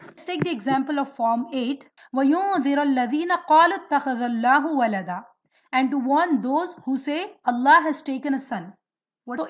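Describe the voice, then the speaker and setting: High-voiced woman teaching grammar. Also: fairly bright tone. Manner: drills verb forms, quizzes students. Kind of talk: online grammar lesson.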